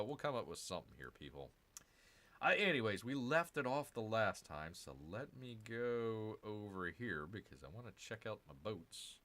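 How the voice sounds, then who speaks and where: Lively, bright-voiced man narrating a strategy game. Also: fairly low pitch. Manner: rambling, self-correcting, jokey asides to viewers. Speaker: gaming channel host. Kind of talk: casual strategy game commentary.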